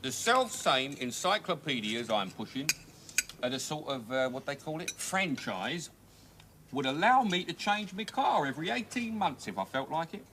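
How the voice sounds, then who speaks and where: A moaning travelling salesman, grumbling bitterly over breakfast. His voice is bright and swings up and down with feeling. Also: a little high, moderate pace, a little hiss or hum. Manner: moaning, bitter, lively intonation. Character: grumbling middle-aged male encyclopedia salesman.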